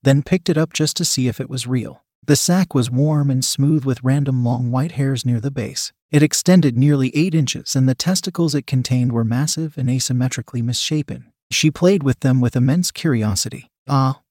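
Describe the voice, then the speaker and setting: Male storyteller, measured even reading, medium pitch, dry close sound. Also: dry recording. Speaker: narrator.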